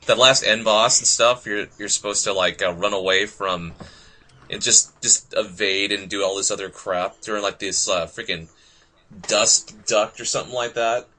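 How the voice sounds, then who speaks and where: A man co-hosting a casual gaming podcast, animated and quick to laugh, full of fillers. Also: lowish voice. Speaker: podcast co-host.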